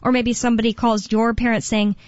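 A young woman hosting talk radio in a rambling, casual way, pausing on fillers as she thinks aloud. Her voice sits a little high and sounds close and dry, yet somewhat muffled and dull. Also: flat delivery, dry recording.

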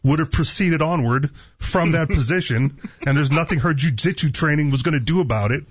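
A man's voice: on the high side, a little fast, husky, no echo, dull audio. A man co-hosting a talk show, telling a story bluntly and jokingly. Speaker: co-host.

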